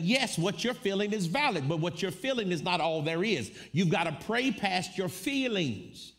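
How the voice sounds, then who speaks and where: A man's voice: high-pitched, moderate pace, few pauses. A man preaching a storytelling sermon, acting out the people in his story as he goes. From United States. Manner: animated, acts out quoted voices.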